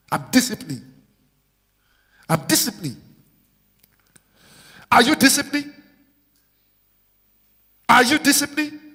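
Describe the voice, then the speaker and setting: A pastor with a very high-pitched, husky and fairly bright voice preaches to his flock, exhorting them and having them repeat his phrases. The recording was made live in a large church hall, with long reverb.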